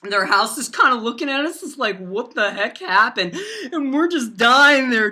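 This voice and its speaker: A teenage boy vlogger telling a rambling storytime, full of fillers and bursts of loud silly voices. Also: high voice. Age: teens.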